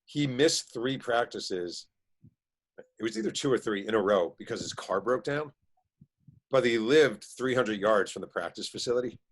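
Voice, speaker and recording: A man, an author and interview guest, telling stories in casual chat with quick bursts and lots of fillers. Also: medium pitch. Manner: animated storyteller, quick bursts, many fillers.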